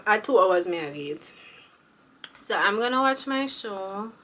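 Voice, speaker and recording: A woman's voice: mid-range voice, lively intonation, measured pace, sharp tone, slight background noise. A young woman, chatting casually and with slang to her viewers in a beauty vlog. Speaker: beauty vlogger.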